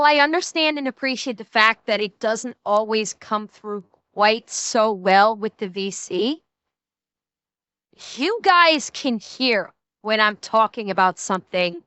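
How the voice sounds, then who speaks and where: High, bright-voiced sarcastic woman streamer. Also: clear, resonant tone, no room sound. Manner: chatty, sarcastic, talks straight to chat. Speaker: streamer reacting to a video. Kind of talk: casual live-stream commentary.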